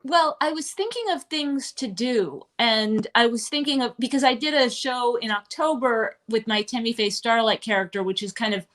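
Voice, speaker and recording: In a restaurant, on a live stream, a middle-aged Manhattan woman chats as a guest performer in a casual interview, rambling with fillers and asides. Her somewhat high, slightly bright voice moves at a moderate pace with hardly any pauses.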